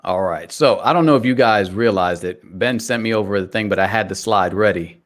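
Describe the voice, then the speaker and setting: A man's voice: on the low side, brisk. A man hosting a casual fan discussion, laid-back, often laughing and putting questions to his co-hosts. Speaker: podcast host. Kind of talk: casual chat.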